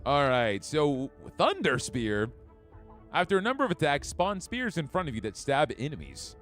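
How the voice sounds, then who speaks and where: Brief: chatty man streaming a game, lively pitch, slightly high, faint music behind. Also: normal speed. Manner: chatty, upbeat, reads chat. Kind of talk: live game commentary.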